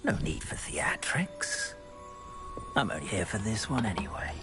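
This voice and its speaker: A man voicing a menacing older dark wizard in a game, speaking in a smooth, contemptuous, taunting way. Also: fairly low pitch, very animated, a little slow, whispered. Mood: sneering. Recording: game audio with music behind.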